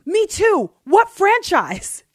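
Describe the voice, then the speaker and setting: A woman reading a story aloud and voicing a zealous man who fires eager questions at a stranger, nearly shouting. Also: very high voice, huge pitch swings, takes it slowly, dry recording, clean studio sound, pitched above the performer's own voice, full character voice.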